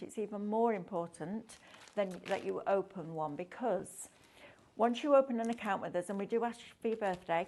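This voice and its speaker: A woman of medium pitch and a slightly mellow tone sells craft goods on a shopping show. Her live demo is chatty and enthusiastic, sprinkled with tag questions.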